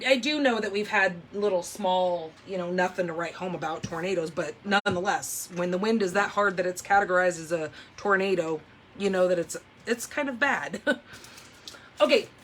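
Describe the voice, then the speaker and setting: A woman's voice: medium pitch, a little hiss or hum. Chatty woman hosting a craft livestream. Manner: chatty, animated storyteller, says "oh my gosh" and "like" a lot. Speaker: papercraft livestream host. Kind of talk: casual chat while demonstrating card making.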